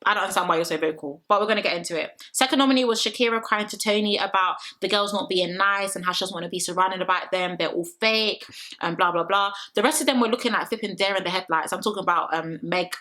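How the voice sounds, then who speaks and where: A woman's voice: medium pitch, quick pace, pushed and bright. A young woman chatting through a reality show recap, opinionated and sassy, mocking the people she quotes.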